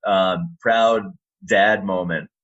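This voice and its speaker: Deep-voiced man telling stories. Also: drawn-out words, dull audio. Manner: animated storyteller, acts out quotes. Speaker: podcast guest, announcer and voice actor. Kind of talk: casual storytelling interview.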